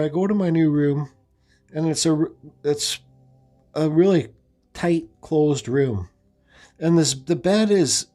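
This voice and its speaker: A man's voice: a little high, darkish tone. Man rambling through a personal story. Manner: rambling, repeats himself, swears freely; frequent restarts and fillers like "I says" and "like". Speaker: vlogger telling his own story.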